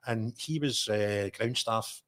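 A Scottish man hosting a podcast, telling an animated anecdote in casual chat, with some swearing. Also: lowish voice, slow pace.

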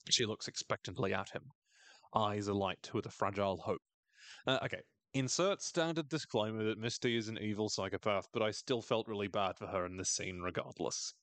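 A man with a fairly low voice recaps a TV episode in casual, wry chat and laughs often. He sounds close and dry, with no room in the sound. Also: a little fast, fairly bright tone, no room sound. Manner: wry, chatty, laughs often, quotes characters in funny voices. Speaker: podcast host recapping a TV episode.

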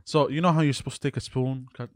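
A man telling a childhood story on a podcast, halting often with fillers and restarts. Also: mid-range voice, steady tone, slight background noise. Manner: halting, many fillers and restarts, laughs off teasing. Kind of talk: casual storytelling.

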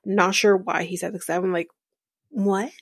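A woman hosting a podcast, casually recapping a reality show in a chatty, rambling way with fillers and soft laughs. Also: fairly low pitch, level tone, fairly quick, gravelly, slightly rough, no echo, clean studio sound. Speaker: podcast host.

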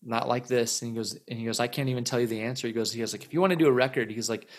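Racing along, a musician in his thirties tells a long, rambling story as a guest on a casual storytelling interview. His mid-range voice circles back often, with repeated words and many fillers.

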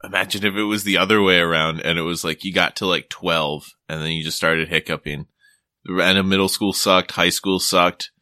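A man's voice: sits low, steady tone, moderate pace, bright, forceful tone, no room sound, studio quality. A man co-hosting a podcast in casual chat, joking and rambling into silly stories. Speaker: podcast co-host.

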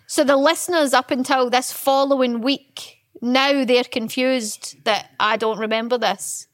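Blunt high-voiced Scottish woman. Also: fairly even intonation, measured pace, no room sound, studio quality. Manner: blunt, swearing, laughing. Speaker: podcast co-host. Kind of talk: casual banter.

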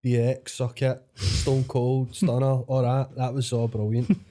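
A man's voice: medium pitch, flat delivery, measured pace, dark tone. A man of thirty-six with a Glaswegian accent, a stand-up comedian chatting as a podcast guest in an easygoing, agreeable way. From Scotland. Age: 30s. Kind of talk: casual chat.

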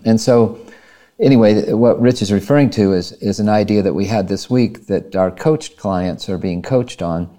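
A man with a low voice leads a casual health podcast. His tone is mellow and unhurried. He thinks aloud and circles back to restart his thoughts. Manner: rambling, thoughtful, halting restarts. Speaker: podcast host, coaching program lead.

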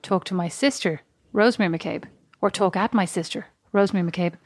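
Woman co-host, dry wit, mid-pitched, close dry mic. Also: brisk, no echo. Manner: sarcastic and playful. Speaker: podcast co-host. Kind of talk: casual chat with her sister.

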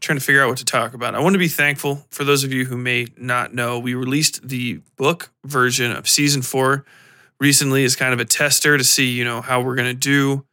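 A man's voice: medium pitch, flat delivery, fairly quick, bright, forceful tone, dry recording, studio quality. A man hosting his own podcast, chatting off the cuff with fillers and small laughs. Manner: rambling, with fillers and self-conscious laughs. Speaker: podcast host and author.

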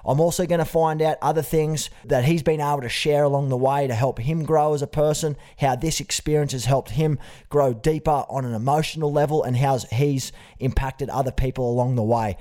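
A man's voice: medium pitch, steady tone, a little fast, few pauses. A young Australian man hosts a casual podcast interview with a mid-range voice. He talks in an earnest, friendly way and keeps calling his guest mate. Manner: warm, earnest, says mate often. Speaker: podcast host.

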